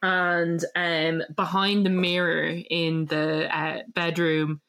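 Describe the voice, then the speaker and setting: A woman's voice: on the low side, little pitch movement, slow pace, fairly bright tone, smooth. A woman, hosting a casual chat and animatedly retelling a story, acting out quotes and laughing often. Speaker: podcast host. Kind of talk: casual chat recapping a reality show.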